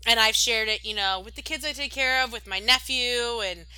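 A young woman co-hosting a podcast, rambling warmly and with plenty of fillers in casual chat. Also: a little high, a little fast, smooth, dry recording, rough recording. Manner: gushing, rambling, many "like"s. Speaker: podcast co-host.

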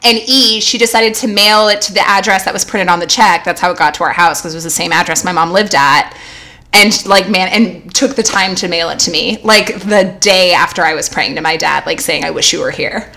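A woman's voice: fairly low pitch, brisk, sharp tone. A young woman co-hosting a podcast, rambling through personal stories in casual chat with lots of "like" and frequent laughs. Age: young adult. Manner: rambling, heavy use of "like", laughs often. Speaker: podcast co-host.

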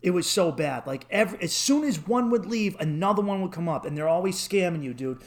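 A young man telling travel stories in casual chat, rambling and swearing, acting out the people he quotes in a high voice. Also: expressive, brisk.

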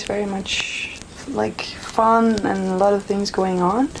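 A woman's voice: mid-range voice, fairly even intonation, slow pace, noisy background. A woman from Europe, a guest telling stories in casual chat, laughing often and rambling with fillers. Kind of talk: casual storytelling.

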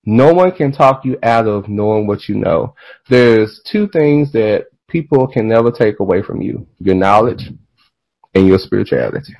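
A man hosting a podcast in casual chat, animated and profane, drifting into tangents and laughing as he talks. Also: lowish voice, moderate pace, vocal fry, rough recording. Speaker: podcast host.

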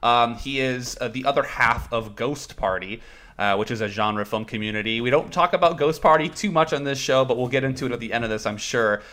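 A man's voice: mid-range voice, brisk, a bit bright. A young man hosting a podcast, joking and rambling in a self-mocking, casual way. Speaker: podcast host.

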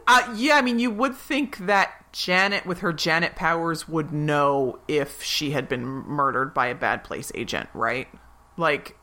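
A woman co-hosting a podcast, talking casually, arguing her points with wry, deadpan jokes. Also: sits low, measured pace. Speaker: podcast co-host. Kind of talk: casual chat.

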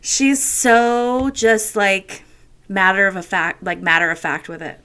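A woman's voice: mid-range voice, lively intonation, a little slow, pushed and bright, smooth. A middle-aged woman telling rambling, frank family stories in a casual chat. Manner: rambling storyteller, frank and laughing.

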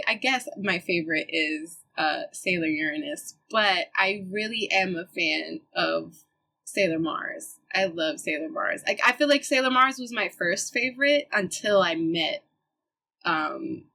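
A woman's voice: mid-range voice, expressive, measured pace, creaky, bright, forceful tone, poor audio. A young woman guest, a musician, chatting in a laid-back, slangy way and laughing often. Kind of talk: casual chat.

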